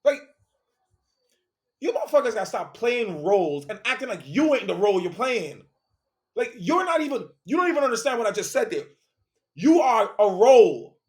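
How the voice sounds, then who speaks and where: A man's voice: extremely high pitch, big pitch swings, fairly quick, a bit bright. A man delivering a profane, confrontational motivational monologue, preaching and repeating phrases for emphasis. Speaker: host.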